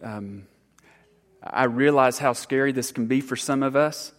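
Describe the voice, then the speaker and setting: A man, a church counselor giving an informal sermon talk, earnest and halting, full of fillers and restarts. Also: medium pitch. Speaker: church counselor speaking to congregation. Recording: long hall reverb.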